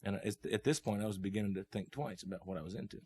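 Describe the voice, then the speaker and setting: Fast-talking man telling stories. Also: lowish voice, darkish tone. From Oklahoma. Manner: laid-back hip slang, laughs often, acts out voices in his stories. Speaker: guest musician. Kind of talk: casual storytelling.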